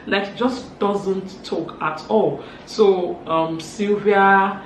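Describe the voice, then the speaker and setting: A woman's voice: mid-range voice, fairly even intonation, extremely slow, a little hiss or hum. A woman with a Nigerian accent, chatting through a casual, gossipy recap of a reality show. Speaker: vlogger. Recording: echoey room.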